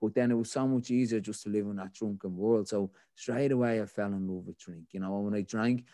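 Low-voiced Dublin man telling his story. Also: fairly even intonation, fairly quick, warm tone, dry recording, clean studio sound. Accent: Dublin Irish. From Ireland. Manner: rambling, full of "like, you know" fillers. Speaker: podcast guest. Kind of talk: candid personal storytelling.

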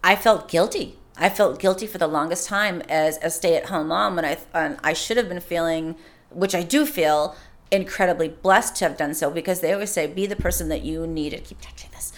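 A mother in her forties talking openly and warmly about raising her children, in a casual podcast conversation. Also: on the low side. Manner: open, heartfelt storytelling, quick to laugh. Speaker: podcast guest. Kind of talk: casual chat.

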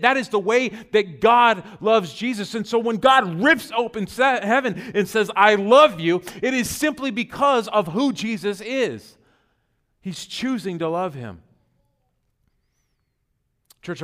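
A man preaching a sermon, telling personal stories conversationally, shifting between loud bursts and quiet, intimate moments. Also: high voice. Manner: conversational with fillers like "like" and "you know". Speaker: pastor.

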